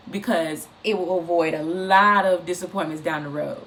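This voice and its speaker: A woman giving an informal, encouraging faith talk, speaking in an animated, repetitive, conversational way. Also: lowish voice, normal speed, slight background noise. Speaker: inspirational speaker.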